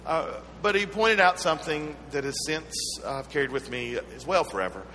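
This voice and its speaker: A Southern American man preaching a sermon in a bright, forceful voice. He moves between earnest teaching and personal stories told with gentle humor. His voice rings through a hall with a long echo and a faint hum behind it. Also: a little high, expressive, brisk. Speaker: pastor.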